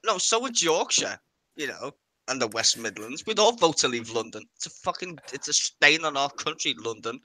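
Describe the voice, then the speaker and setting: A man's voice: medium pitch, very animated, normal speed, pushed and bright, dry recording. A man with a Liverpool Scouse accent chatting casually on a stream, blunt, opinionated and sweary. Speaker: stream co-host. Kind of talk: casual chat.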